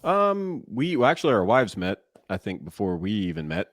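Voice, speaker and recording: Laughing often mid-story, a former baseball player and broadcaster in his forties recounts tales animatedly as a guest in a casual interview. He speaks at a normal speed in a lowish voice, recorded dry with clean studio sound.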